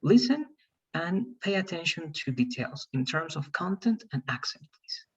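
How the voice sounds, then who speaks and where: Husky man teaching an online class. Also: a little high, big pitch swings, moderate pace. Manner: coaxing, repeats "all right" and "right". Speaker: English teacher. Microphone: video call. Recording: dull, lo-fi video call audio.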